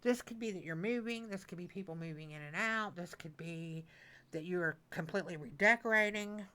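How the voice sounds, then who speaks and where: A woman's voice: on the low side, fairly quick. A chatty woman in her sixties reading tarot. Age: 60s. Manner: animated, repetitive, emotional. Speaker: tarot reader. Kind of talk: casual channeled tarot reading. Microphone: mic that she moves away from at times.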